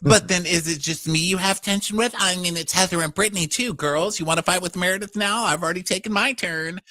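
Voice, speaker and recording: A man's voice: sits high, brisk, pushed and bright, no room sound. A man co-hosting a casual reality-show recap in an exasperated, sarcastic way. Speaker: podcast co-host.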